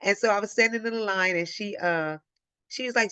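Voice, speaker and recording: A woman from Illinois hosting a live Q&A, telling a personal story in a casual, animated way and acting out the voices she quotes. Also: mid-range voice, fairly quick, no room sound. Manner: animated, acts out quoted voices, addresses listeners as y'all. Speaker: host of a live Q&A.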